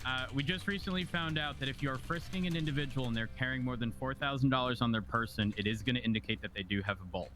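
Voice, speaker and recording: A man playing a police sergeant in game roleplay, briefing the group with quick, hesitant starts and fillers. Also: medium pitch, pushed and bright, faint music behind.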